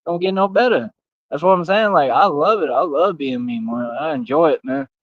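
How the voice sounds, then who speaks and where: Man, somewhat high voice, slangy direct-address stream rant, dry muffled lo-fi sound. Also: lively intonation, normal speed, no room sound. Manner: street slang, repetitive, talks straight to viewers. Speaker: livestream host. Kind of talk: casual livestream rant.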